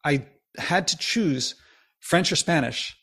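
A man's voice: fairly high pitch, breathy edge. A man in his fifties hosting a podcast, chatting casually and eagerly with a guest. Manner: quick, animated, chatty with restarts. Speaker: podcast host. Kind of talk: casual conversation.

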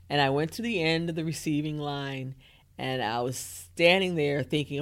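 A woman in her thirties with a low voice and moderate pace tells a personal story as an interview guest. She's lively, acting out her own inner thoughts and quoting what other people said.

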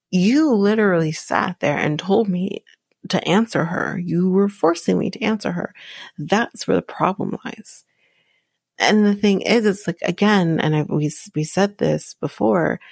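A woman's voice: on the low side, creaky, dry recording. A woman hosting a reality show recap podcast, giving blunt, profane opinions in casual commentary. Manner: blunt, profane, talks through fillers.

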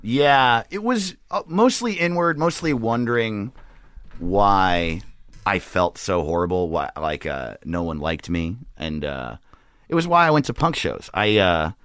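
A man's voice: sits low, animated, a little slow, fairly bright tone, dry recording, clean studio sound. A young man, a comedian, chatting casually on a podcast, laughing often and acting out quotes. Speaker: comedian guest. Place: garage studio.

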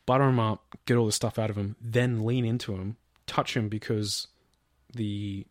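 A man's voice: lowish voice, fairly even intonation, normal speed, dry recording. Guy rambling thru a story, lots of ums n swearing, dry close sound. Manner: rambling, lots of fillers, swearing, acts out quotes. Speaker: podcast co-host. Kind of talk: casual storytelling chat.

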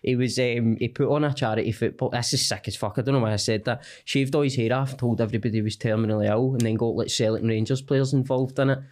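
A man's voice: medium pitch, steady tone, fast, hardly any pauses, darkish tone. A Scottish comedian, a man, telling jokey, sweary stories as a guest in casual podcast banter on a close studio mic. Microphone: studio mic close to face.

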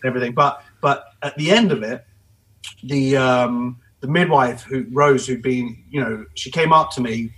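A man's voice: mid-range voice, moderate pace, fairly bright tone, low-quality recording. A man, a comedian, talking as a podcast guest in a blunt, emphatic, storytelling way. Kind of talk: podcast conversation.

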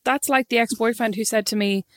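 A woman's voice: fairly high pitch, fairly even intonation, a little fast, no echo, clean studio sound. A woman co-hosting a podcast, chatting and telling stories, often breaking into laughter. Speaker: podcast co-host. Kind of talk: casual chat.

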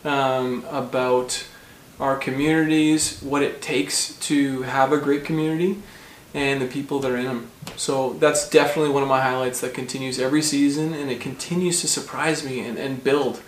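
Male podcast host, mid pitch, earnest, roomy echo, faint background noise. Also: steady tone, moderate pace. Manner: earnest, with many fillers. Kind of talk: casual podcast talk. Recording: echoey room with faint noise.

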